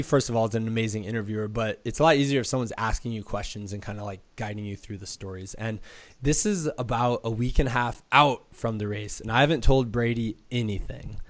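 Hoarse man with a cold, dry sound. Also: medium pitch, dry recording. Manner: rambling, filler-heavy, upbeat. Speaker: podcast host. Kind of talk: casual podcast chat.

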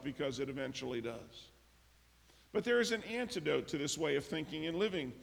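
A male pastor delivers a sermon in a church, carrying his listeners through a story with lively emphasis. His voice sits fairly high and has a gravelly edge. A long hall reverb trails after each phrase. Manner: storytelling, acting out characters' lines with lively emphasis.

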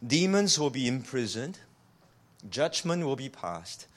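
A man preaching a sermon in a lively way. He keeps asking his listeners rhetorical questions and repeats words when he restarts a sentence. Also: medium pitch, unhurried. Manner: animated, asks the audience rhetorical questions.

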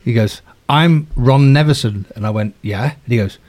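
A man's voice: medium pitch, normal speed. A man who produces records, telling a story in casual conversation, laughing often and acting out the quotes. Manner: animated, acts out quotes with raised voice, laughs often.

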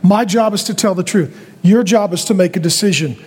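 A man preaching a fervent sermon as a pastor, building from steady talk to loud, pleading shouts. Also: sits high, a little fast, husky, in a large hall.

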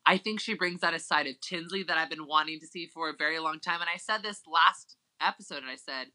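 A podcast co-host in casual chat, recapping scenes emphatically and excitably. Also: medium pitch, quick pace, poor audio.

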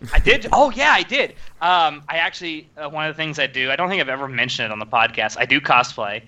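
Bright-voiced young man hosting a podcast. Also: on the high side. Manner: animated, laughs often, quick asides. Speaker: podcast host. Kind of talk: casual podcast chat.

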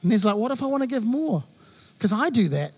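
A man in his thirties from New Zealand, a pastor preaching a sermon with lively storytelling and acted-out quotes. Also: very high-pitched, brisk.

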